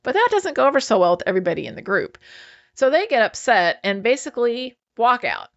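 A woman's voice: a little high, big pitch swings, fairly quick, a bit bright, no echo, lo-fi sound. A woman casually recapping a show episode, chatty and enthusiastic, acting out the characters' lines as she retells them.

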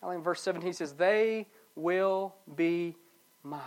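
A pastor giving a sermon, swinging between loud pleading and soft low passages and repeating phrases for emphasis. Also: unhurried.

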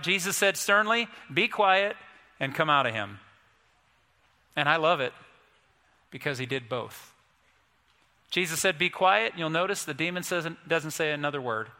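A male pastor preaching a sermon, emphatic and storytelling, building to forceful peaks. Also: a little high. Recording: long hall reverb.

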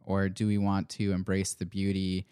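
A pastor hosts a church podcast, chatting casually in a thoughtful, rambling way full of fillers and restarts. His voice is deep, monotone, warm, and smooth at a normal pace. The recording is dry and clean, with studio quality.

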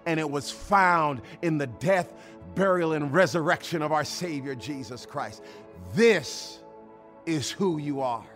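A man's voice: on the high side, a little slow, fairly bright tone, soft background music. A male pastor preaching a sermon. He tells a personal story, acts out his own past lines and builds to emphatic, repetitive preaching.

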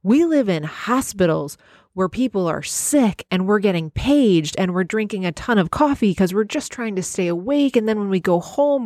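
A woman's voice: mid-range voice, darkish tone, dry recording. Emphatic woman podcaster in a dry booth. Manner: emphatic, heartfelt, conversational. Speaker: podcast host and healthcare worker. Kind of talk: solo podcast monologue.

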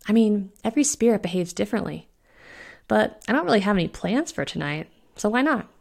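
A woman's voice: medium pitch, expressive, a little fast, creaky, darkish tone, pitched above the performer's own voice. A woman reading the part of a laid-back young vampire woman with dry, unbothered talk. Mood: offhand.

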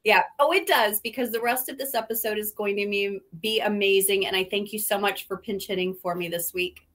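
A woman's voice: medium pitch, fairly even intonation, brisk, a bit bright. A woman who hosts the show, checking in with a chirpy, upbeat manner. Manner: chirpy, upbeat, trailing fillers. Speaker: regular host, checking in. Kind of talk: casual chat on a call.

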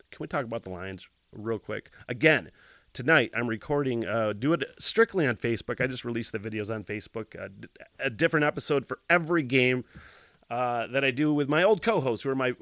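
A man hosting a solo podcast, telling a rambling story with lots of swearing, laughing as he talks and shouting sound effects. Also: medium pitch, brisk, dry recording, studio quality. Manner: laughs while talking. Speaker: podcast host.

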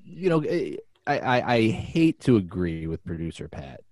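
A man's voice: fairly low pitch, sing-song, a little slow, a little mellow. Hammy man hosting a mock sports show. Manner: hammy, theatrical radio-host delivery. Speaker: comedy podcast host. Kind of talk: mock sports talk radio banter.

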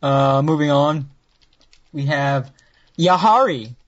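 A man hosts a casual anime podcast in a crude, sarcastic ramble, tripping over his own restarts. His voice sits a touch higher than most men's. The sound is dull and lo-fi, with no room echo. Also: lively intonation, slow pace. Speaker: podcast host reviewing new anime. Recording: dull lo-fi dry recording.

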